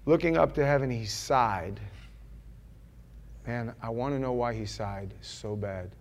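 A man from New York preaching a sermon, animated and joking, acting out little voices as he tells his stories. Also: mid-range voice, a little slow. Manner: animated, acts out voices and jokes.

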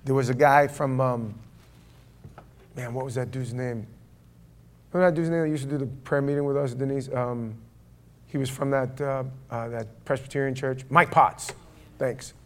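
A pastor leading a prayer and then preaching a sermon in church, in a conversational way that asks the congregation questions. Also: male voice, mid-range voice, steady tone, normal speed, long pauses, a little hiss or hum.

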